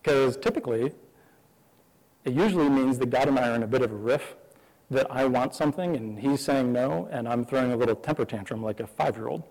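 A man's voice: mid-range voice, fairly quick, a little mellow, big-room sound, rough recording. A man preaching a sermon as pastor, candid and conversational, asking the listeners many questions.

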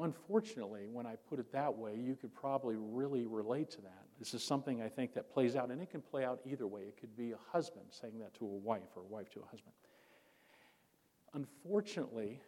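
Male pastor, mid pitch, storytelling sermon, reverberant hall. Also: mellow. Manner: prayerful, then storytelling with acted-out dialogue.

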